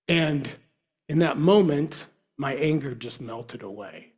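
A man telling a personal devotional story in a casual, halting way with frequent fillers. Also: medium pitch, darkish tone, husky.

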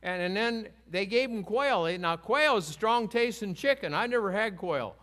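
A man's voice: high voice, expressive, normal speed, a bit bright. A man teaching an informal Bible lesson in a folksy, chatty way. He asks his group questions and has them answer back.

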